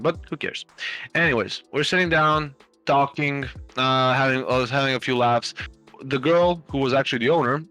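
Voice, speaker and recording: A man in the middle of a pitch range spins a long, rambling anecdote for a live stream, stumbling through fillers and restarts. He swears casually as he goes. Faint music plays softly in the background. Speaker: stream host.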